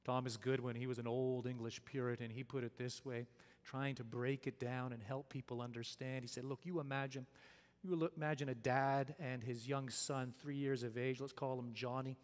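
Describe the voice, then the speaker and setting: A man preaching a sermon, emphatic and deliberate, posing rhetorical questions to his listeners and slowing down to stress key phrases. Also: medium pitch, level tone. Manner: emphatic, asks rhetorical questions and answers them. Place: church sanctuary. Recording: long reverb of a church sanctuary.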